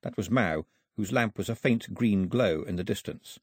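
A man narrating an audiobook in a measured storytelling manner. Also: fairly low pitch, husky, dry recording, clean studio sound. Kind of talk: scripted narration.

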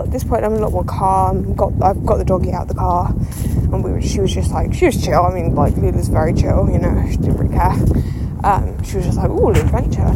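A woman's voice: mid-range voice, vocal fry, heavy background noise. A young woman telling a story as a podcast host, chatty and self-mocking, full of fillers and the odd swear. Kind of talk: casual storytelling monologue.

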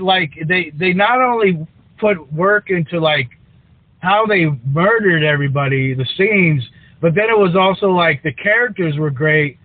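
A man's voice: sits high, no echo. Male podcast co-host, rambling and enthusiastic; dry, tinny line. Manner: rambling, many likes and restarts. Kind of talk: casual chat. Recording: dry, tinny phone-like sound.

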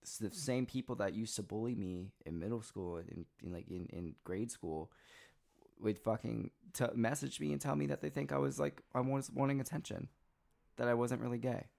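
A man's voice: medium pitch, normal speed, vocal fry, a little mellow. A man in his twenties, a podcast co-host, telling personal stories in casual chat, rambling with lots of "like" and "you know". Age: 20s. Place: Los Angeles.

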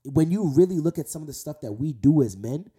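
A young man hosting a faith talk for men, preaching earnestly and slowing down to drive points home. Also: on the high side, lively intonation, noisy background. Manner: earnest, exhorting, slows down for emphasis. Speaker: host speaking to men about faith.

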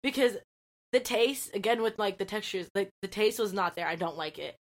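Young woman podcast co-host, casual storyteller, swears a lot and gets animated. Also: mid-range voice, fairly quick.

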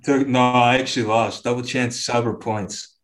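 A man's voice: medium pitch, fairly even intonation, moderate pace, fairly bright tone. Laid-back young man on a podcast. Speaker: podcast host. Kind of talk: casual chat.

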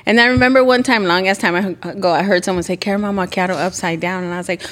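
A woman's voice: medium pitch, steady tone, quick pace, a bit bright. A woman co-hosting a podcast in casual chat, blunt and emphatic as she complains. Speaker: podcast co-host.

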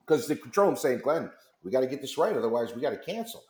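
A man's voice: mid-range voice, very animated, fast talker, reverberant. A man telling a long story as a guest on a radio interview, acting out the back-and-forth of phone calls. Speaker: company founder as guest. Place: radio studio.

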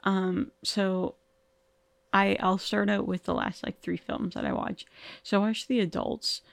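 A woman's voice: mid-range voice, level tone, unhurried, creaky, no room sound. A woman hosting a casual film podcast monologue, sounding tired and yawning, rambling along with frequent likes, ums and restarts. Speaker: podcast host.

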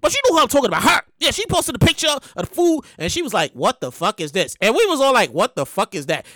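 A podcast host rants in a comedic monologue, his voice swinging wildly up and down. He talks in a high, sharp register, repeats himself for effect and swears freely. The recording is close and dry. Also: no room sound. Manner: animated, repetitive, profane. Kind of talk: ranting comedic commentary. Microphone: podcast mic.

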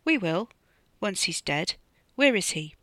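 A sneering, suspicious young man demands answers with quiet menace, as an author reading an audiobook voices him. The voice is forceful and bright, dry and close to the mic. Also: mid-range voice, sing-song, a little slow, dry recording. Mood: menacing.

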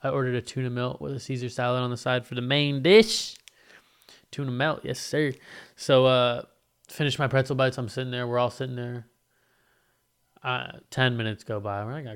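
A man's voice: mid-range voice, fairly even intonation, a little fast, clean tone. Profane, ranting young man telling a story. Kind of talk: casual storytime rant.

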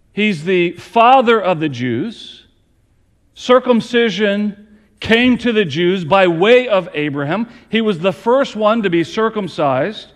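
A middle-aged pastor preaches in a high, unhurried voice, pressing down on key words with earnest rising emphasis. His sermon rings out with the long reverb of a church hall.

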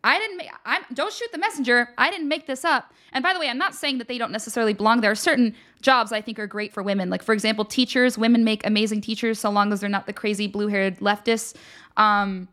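A woman's voice: fairly high pitch, quick pace, fairly bright tone. A young woman hosting a live online show, chatting casually with many fillers and reading viewer comments aloud. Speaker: livestream show host. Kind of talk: casual opinion livestream, reading chat.

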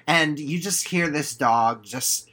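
A man's voice: fairly high pitch, takes it slowly, sharp tone. A man guesting on a casual movie review chat, easygoing and agreeable, chiming in to add details. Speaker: podcast guest.

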